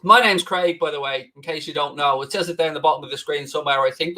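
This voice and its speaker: Irish guy, kinda high voice, chatty football stream host talking to the chat. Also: brisk, bright, forceful tone. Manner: chatty, addresses viewers directly. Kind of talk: live football watchalong chat.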